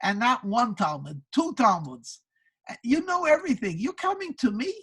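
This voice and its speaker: A woman's voice: fairly high pitch, sing-song, moderate pace, fairly bright tone, husky, heavily acted. A woman voicing a humble old man who only recites psalms, flustered and self-deprecating as he protests. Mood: humble protesting.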